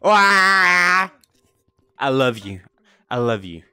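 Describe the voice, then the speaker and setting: A man playing VR tag live with viewers, talking over a headset mic and shouting and laughing as he plays. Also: medium pitch, very animated, extremely slow, smooth, dry recording. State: out of breath. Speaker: gaming YouTuber. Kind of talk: live VR gameplay commentary.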